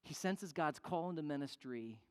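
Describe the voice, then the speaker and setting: Preacher spinning a story from the pulpit, middle pitch, lots of echo in the church. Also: normal speed, smooth. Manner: animated storyteller acting out quoted people. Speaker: pastor. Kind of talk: sermon storytelling. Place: church sanctuary. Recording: long church reverb.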